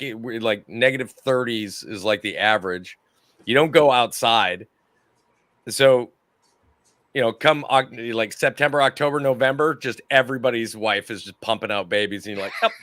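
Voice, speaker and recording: A man with a bright, forceful voice tells rambling stories on a casual podcast, swearing freely and laughing along. The sound is dry and close, with no room around it. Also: mid-range voice, dry recording. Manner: profane, storytelling, laughs often. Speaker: podcast co-host; former army sergeant. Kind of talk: casual banter.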